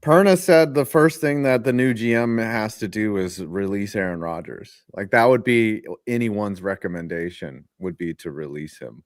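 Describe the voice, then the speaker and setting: A man's voice: lowish voice, no echo, clean studio sound. A man co-hosting a casual sports podcast, telling laid-back stories with plenty of swearing. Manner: laid-back, profane, storytelling asides. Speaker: podcast co-host.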